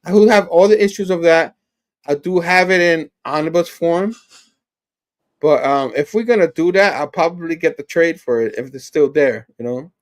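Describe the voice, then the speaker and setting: A man with a slightly high voice chats on a relaxed podcast, rambling and joking as he talks. His voice is a little hoarse and worn, as if he is losing it. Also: normal speed. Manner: laid-back, jokey, rambling. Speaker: co-host. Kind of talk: casual podcast chat.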